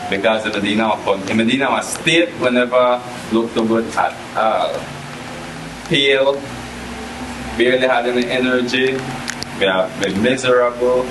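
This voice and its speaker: A man's voice: medium pitch, moderate pace. A man giving a rambling, repetitive testimony. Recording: echoey, noisy recording.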